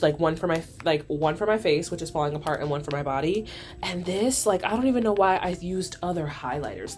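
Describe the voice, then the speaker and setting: A young woman hosting a vlog, recapping a cartoon in casual, sassy commentary while doing her makeup. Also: on the low side. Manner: sassy, chatty, addresses viewers as girl and y'all. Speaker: vlog host.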